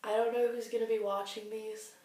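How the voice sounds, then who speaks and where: A woman in her twenties, talking earnestly and warmly about her faith in a personal video diary. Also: a little high, level tone, a little fast. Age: 20s. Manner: earnest, heartfelt, faith-filled. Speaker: vlogger sharing a cancer diary. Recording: echoey room, distant mic.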